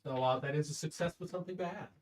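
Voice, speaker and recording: A man's voice: fairly high pitch, fast. A man playing a tabletop game, talking in a laid-back, wry way. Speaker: player. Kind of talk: casual game chat.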